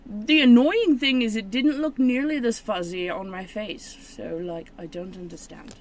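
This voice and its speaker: Slow rambling woman opening trading cards. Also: slight background noise. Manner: rambling, self-mocking, with sudden high excited squeals. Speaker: channel host. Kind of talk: casual card-opening video.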